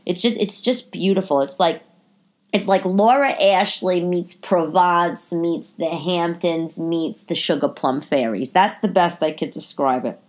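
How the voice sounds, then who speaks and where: Chatty, rambling comedian mom with a stuffy nose. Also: female voice, measured pace. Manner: chatty, rambling with tangents and self-corrections; animated, pitch jumping up for emphasis. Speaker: podcast host and stand-up comedian. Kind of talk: casual monologue to listeners. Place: living room at home.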